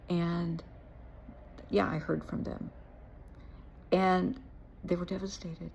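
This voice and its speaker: A woman's voice: lowish voice, level tone, slow, vocal fry, pauses often, a little mellow, a little hiss or hum. A woman who works as a therapist, telling her own story in a frank, blunt way with dry asides. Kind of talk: personal storytelling to camera.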